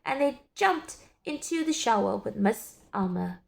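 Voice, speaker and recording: A woman reading a children's story aloud in an expressive, sing-song way. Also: fairly high pitch, a little slow, creaky. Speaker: storybook reader.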